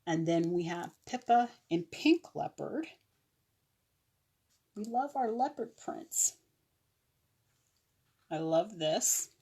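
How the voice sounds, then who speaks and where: A woman casually showing her nail products on a live stream, chatty, with fillers and quick self-corrections. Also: lowish voice, lively intonation, warm tone, husky. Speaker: online nail seller.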